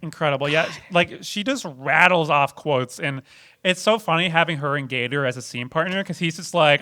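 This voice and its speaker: A wry man talks casually in a slightly high voice. His tone is bright and tense, and he sounds enthusiastic. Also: moderate pace. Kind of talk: casual chat.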